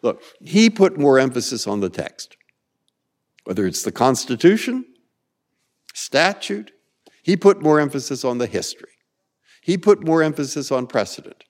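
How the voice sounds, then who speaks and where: Older male guest, 80s, lively discursive delivery, roomy reverb on the voice. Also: mid-range voice, normal speed, long pauses. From San Francisco, USA. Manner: discursive, circling back with repeated words and asides. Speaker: Supreme Court justice, guest. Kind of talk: reflective interview answers.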